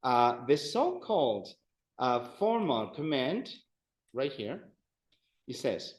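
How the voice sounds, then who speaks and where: A man's voice: medium pitch, sing-song, slow pace, long pauses, roomy sound, poor audio. A man teaching a language class, patiently repeating phrases for his students to drill. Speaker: Spanish teacher.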